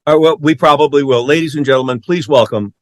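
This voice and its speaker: A man's voice: a little high, fast talker, dry recording, clean studio sound. Chatty middle-aged male podcast host. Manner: chatty, teasing. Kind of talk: casual chat.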